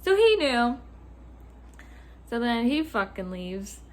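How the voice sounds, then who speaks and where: A young woman telling a casual storytime rant about work, swearing freely, laughing and acting out customers in loud voices. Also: fairly high pitch, big pitch swings, slow pace. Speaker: vlogger.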